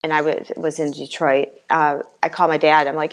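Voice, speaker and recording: Give me a middle-aged woman with a lowish voice, earnestly recounting her story as an interview guest. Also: level tone. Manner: earnest, halting, many fillers and restarts.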